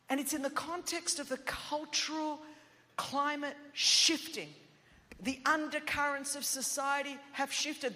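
Woman preacher; bright, cutting tone; emphatic, shouty peaks; long hall reverb. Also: sits high. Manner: emphatic, builds to shouted declarations, chatty asides. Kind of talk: sermon. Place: large church auditorium.

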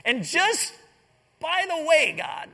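A man voicing a pompous, boastful Pharisee who loudly shows off his good deeds. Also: very high-pitched, wildly swooping pitch, slow pace, big-room sound, pitched above the performer's own voice, heavily acted. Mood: smug. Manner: loud, preening, self-congratulating.

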